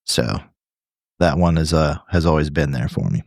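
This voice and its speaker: Deep-voiced man, rambling podcast chat. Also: normal speed, gravelly, dry recording, clean studio sound. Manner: rambling, leans on "you know" and restarts. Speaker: podcast co-host.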